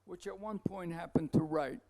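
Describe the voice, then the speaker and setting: A man giving a masterclass, telling a long anecdote in a rambling, halting way, with asides to the audience. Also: sits high, warm tone. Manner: halting, many restarts and fillers. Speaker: masterclass speaker.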